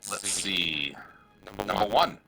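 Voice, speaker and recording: A man's voice: sits low, expressive, slow pace, low-quality recording. A man playing a tabletop game, playful and jokey. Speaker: player.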